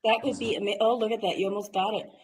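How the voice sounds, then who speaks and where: A woman in her thirties on a ghost hunt, pleading and coaxing an unseen spirit, excitable and quick to gasp. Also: mid-range voice. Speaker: paranormal investigator. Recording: noisy field recording.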